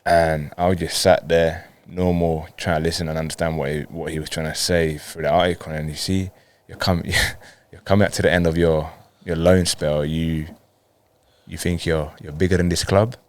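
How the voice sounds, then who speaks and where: A young man from Colombia, a professional footballer telling his story in a laid-back way, acting out quick bits of dialogue. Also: very deep voice, level tone. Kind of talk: casual storytelling interview.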